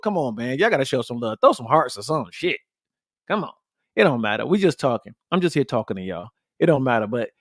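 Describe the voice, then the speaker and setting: A man hosting a podcast, chatting casually with his viewers in a blunt, profane, animated way and repeating his points for emphasis. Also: on the high side, no echo, studio quality. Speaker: podcast host. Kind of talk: casual livestream chat with viewers.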